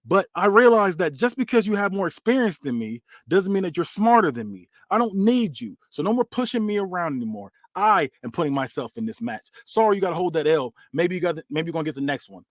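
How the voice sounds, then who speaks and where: A man's voice: fairly high pitch, fast talker, hardly any pauses, no room sound, studio quality, lightly acted. A man doing a fed-up young wrestler. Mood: indignant. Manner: indignant, raised voice.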